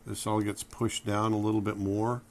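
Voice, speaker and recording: A middle-aged man narrating a drawing tutorial, relaxed and thinking aloud as he sketches. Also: fairly low pitch, moderate pace. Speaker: drawing instructor.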